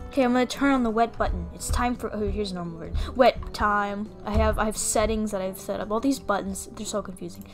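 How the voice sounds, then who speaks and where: A young woman giving casual, playful commentary as she plays a game, excitable and full of gasps and mock panic. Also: mid-range voice, fairly quick, hardly any pauses, faint music behind. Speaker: gaming video creator.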